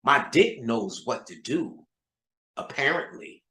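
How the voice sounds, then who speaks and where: A man's voice: medium pitch, expressive, measured pace, sharp tone. A man giving a profane spiritual lecture, emphatic and swearing, with street-talking rhetorical repeats. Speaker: occult lecturer. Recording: roomy echo.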